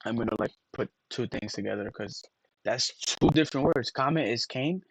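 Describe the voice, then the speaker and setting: A man's voice: on the low side, normal speed, husky, no echo, poor audio. A man on a casual livestream, rambling to his chat and sounding out words letter by letter with emphatic disbelief.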